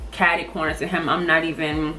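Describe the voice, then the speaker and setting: A woman telling a funny story in a casual vlog, blunt and animated, recorded on a camera's built-in mic. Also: low-pitched, brisk, faint music behind. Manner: sassy, blunt and animated, acting out quotes.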